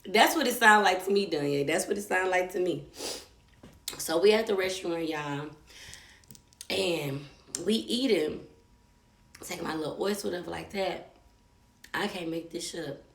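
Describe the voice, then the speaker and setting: A young woman telling a personal story live, animated and profane. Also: lowish voice, normal speed, long pauses, echoey room. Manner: animated, profane, acts out quotes. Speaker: storyteller host.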